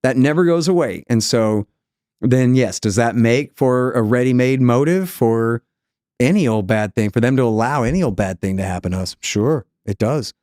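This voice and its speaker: A man from the United States, a podcast guest, talking in an animated way and acting out the people he quotes. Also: medium pitch, normal speed, no room sound, studio quality. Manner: animated storyteller, acts out quoted voices. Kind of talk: conversational interview.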